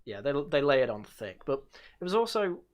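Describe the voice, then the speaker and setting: A man's voice: medium pitch, sing-song, a little fast. A man hosting a casual review stream, talking sarcastically with lots of fillers and sighs. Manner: sarcastic, frequent fillers and sighs, mocks by quoting. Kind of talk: casual sardonic review chat.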